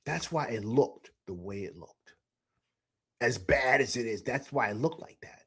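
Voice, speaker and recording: A man's voice: medium pitch, a little slow, slightly rough. A middle-aged man hosting a live postgame sports show, emphatic and repetitive as he reads out comments and answers them. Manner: animated, emphatic, repeats himself, reads chat comments aloud.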